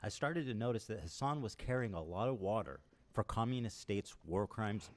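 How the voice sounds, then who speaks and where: A man's voice: on the low side, animated, moderate pace. A man giving scripted commentary narration in a dry, sardonic way.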